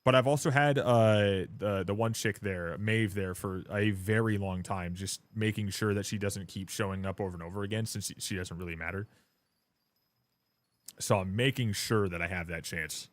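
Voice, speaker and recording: A man streaming a game live, chatting casually and rambling, swearing often and getting loud and hyped when thanking viewers. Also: fairly low pitch, moderate pace, dry recording. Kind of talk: casual live-stream chat while gaming.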